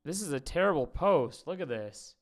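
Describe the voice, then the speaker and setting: A man's voice: fairly high pitch, expressive, normal speed. A man streaming casual commentary, rambling, swearing and reading posts aloud.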